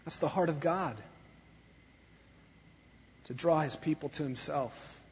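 A man preaching a sermon as a pastor, swinging from soft sorrow to loud fervor. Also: on the high side, slow, slightly rough. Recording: dull recording in a long-echo hall.

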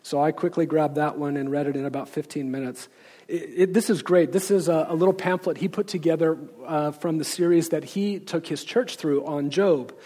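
A man with a somewhat higher-than-usual voice talks through books in a relaxed, informal way. He is reflective and hesitant, often pausing with fillers as he gathers his thoughts. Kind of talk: informal book recommendations with read-aloud quotes.

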